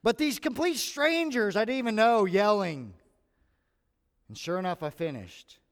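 A man preaching a sermon with animated delivery, acting out the voices he quotes. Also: sits high, a little slow. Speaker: pastor. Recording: long hall reverb.

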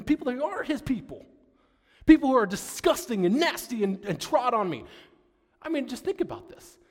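A man preaching a sermon with passion, swinging from loud declarations to hushed storytelling. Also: sits high, long reverb tail.

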